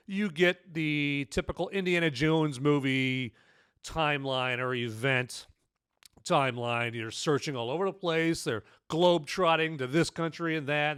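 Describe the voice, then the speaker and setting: A man's voice: on the high side, measured pace, gravelly, fairly bright tone, smooth, no room sound, studio quality. A man giving a casual, rambling spoken movie review, often tacking "okay?" onto his sentences. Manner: rambling, many fillers and "okay?" tags.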